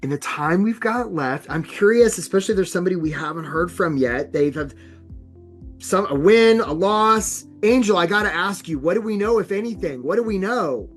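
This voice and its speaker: Energetic fast-talking male career coach. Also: sits high, faint music behind. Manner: energetic, talks fast, addresses attendees directly. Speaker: career coach hosting a webinar. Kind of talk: live online workshop.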